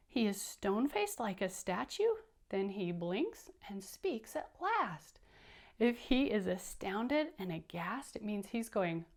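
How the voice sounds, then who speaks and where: A woman reading a picture book aloud to children, explaining the story and prompting them to repeat words and sounds with her. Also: medium pitch.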